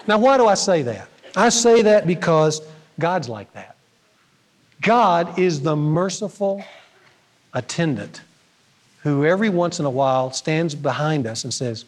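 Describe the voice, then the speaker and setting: A male pastor delivers a sermon with a fairly high voice, moving between lively, loud storytelling and quiet, emphatic moments. His voice carries a long reverb, as if recorded live in a church sanctuary. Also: moderate pace, slight background noise. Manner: storytelling with humor, animated swings in pitch and loudness.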